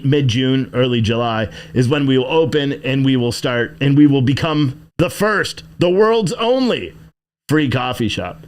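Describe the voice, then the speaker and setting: A man hosting a casual livestream from inside his shop, rambling and swearing as he reads chat comments and plugs his business. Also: medium pitch. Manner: rambling, profane, plugging his own business. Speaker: livestream show host.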